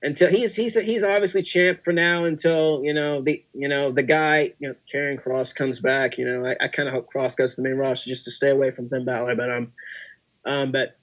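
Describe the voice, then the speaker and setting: A young man co-hosting a casual podcast, talking in an excitable, repetitive way and hyping things up. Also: medium pitch, a little fast, poor audio. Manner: excitable, repetitive hype talk. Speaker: podcast co-host.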